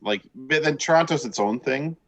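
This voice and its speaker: A man from Canada co-hosting a podcast, chatting in a relaxed, explanatory way. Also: medium pitch, moderate pace, crowd noise. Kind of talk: casual chat.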